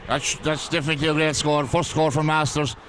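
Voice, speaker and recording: Irish man, co-commentator, somewhat high voice, halting delivery. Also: little pitch movement, a bit bright, slight background noise. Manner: hesitant, repeats words. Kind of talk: match analysis.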